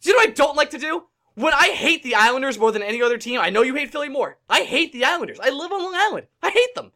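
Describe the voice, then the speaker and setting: A young man hosts a casual podcast, venting in an angry, swearing rant. His voice sits high and bright and swings widely as he yells. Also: very animated, quick pace. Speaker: podcast host. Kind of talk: casual ranting chat.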